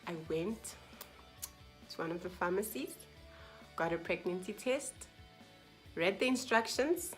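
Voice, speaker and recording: Animated young woman vlogger telling a story. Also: mid-range voice, a little slow, pauses often, soft background music. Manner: animated, acts out quoted dialogue, drops to whispers. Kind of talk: casual storytelling to camera.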